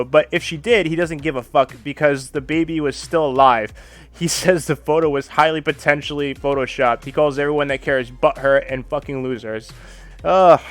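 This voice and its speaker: A man hosting a drama commentary stream, reading a script, then ranting in a profane, repetitive and exasperated way. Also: a little high.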